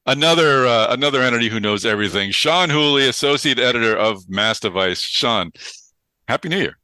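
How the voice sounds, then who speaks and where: A man's voice: mid-range voice, animated, fairly quick, sharp tone, dry recording. A man hosting a podcast, talking in a loose, casual way with frequent fillers. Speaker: podcast host.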